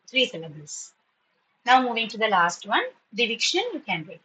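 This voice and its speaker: A woman teaching spoken to school students in an online class, patiently repeating words slowly to model their pronunciation. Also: medium pitch, expressive, sharp tone, poor audio.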